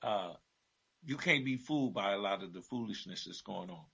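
A man's voice: on the low side, animated, normal speed, gravelly, fairly bright tone, husky, low-quality recording. A man who teaches at his church, talking casually about faith and often affirming the host with short interjections.

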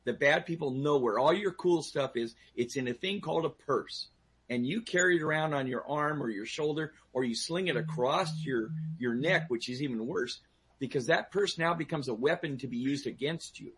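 Emphatic gravelly man giving safety advice. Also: a little high, moderate pace, fairly bright tone. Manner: emphatic, repetitive restarts, asks the audience. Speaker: personal safety instructor, guest. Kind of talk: talk show conversation.

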